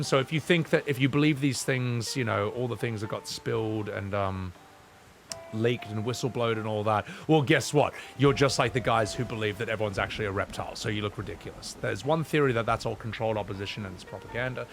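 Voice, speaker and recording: A man's voice: lowish voice, a little fast, vocal fry, soft background music. A man streaming a video game, talking casually in a rambling, profane way. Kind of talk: gaming stream commentary.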